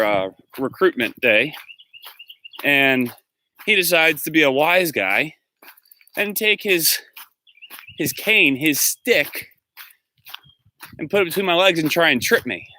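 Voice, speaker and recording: A man's voice: measured pace, long pauses, slight background noise. A man, a teacher, telling an indignant story in a casual vlog while walking outdoors. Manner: animated, indignant storytelling with big pitch jumps. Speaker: school teacher and vlogger.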